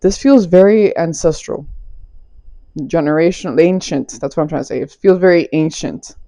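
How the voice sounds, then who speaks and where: A woman's voice: low-pitched, moderate pace, dark tone. Young woman giving a loose, playful tarot reading. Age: young adult. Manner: loose and playful, swears, slang, laughs often. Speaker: tarot reader. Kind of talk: casual spiritual reading.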